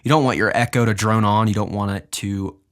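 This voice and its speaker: A young male podcast host who also produces music talks casually about his own tracks in a fairly low voice. His delivery is lively, and he deliberately swings his pitch up and down.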